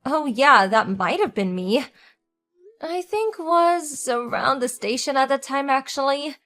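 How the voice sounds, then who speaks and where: A woman playing a divorced wife with a fairly high voice and a cutting, sarcastic way of talking to her ex. She sounds mocking and unimpressed, with faint music playing behind her in this audio drama. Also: expressive, a little slow, a bit bright, heavily acted.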